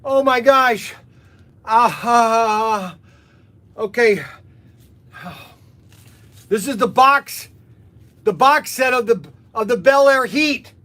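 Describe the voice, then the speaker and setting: A man hosting a live unboxing stream, excitable and constantly exclaiming in surprise. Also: very high-pitched, takes it slowly, long pauses. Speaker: livestream host unboxing toy car samples. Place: indoor workplace.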